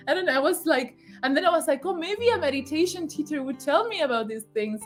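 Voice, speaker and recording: A woman telling a personal spiritual story in a casual, emotional way, often laughing and acting out the voices of others. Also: high-pitched. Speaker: guest sharing spiritual story.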